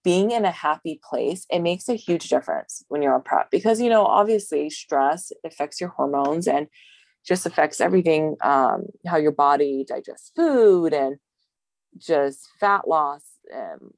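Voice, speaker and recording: A woman's voice: low-pitched, a little mellow, no room sound. A woman from Hawaii, a bodybuilding competitor, chatting as an interview guest, rambling and laughing, tired. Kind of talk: casual interview talk.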